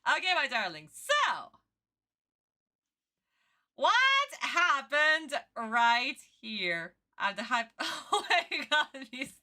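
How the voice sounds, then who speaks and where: A woman streamer gives casual reaction commentary on a livestream. Her voice is high and bright, and her pitch swings widely as she talks in an animated, exclamatory way. She takes her time and swears freely. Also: takes it slowly.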